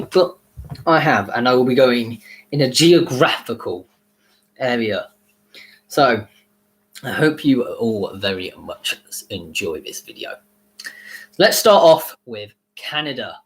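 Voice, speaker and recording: A man's voice: medium pitch, fairly bright tone, rough recording. A man presenting a casual video, reading facts with frequent stumbles and self-corrections. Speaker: YouTuber. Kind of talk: casual video commentary read from notes.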